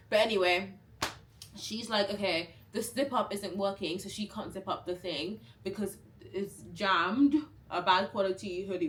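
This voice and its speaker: A woman's voice: medium pitch, slight background noise. Young female vlogger, chatty storyteller who acts out quotes, recorded a bit far from the mic in a roomy space with faint ambience. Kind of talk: storytime vlog.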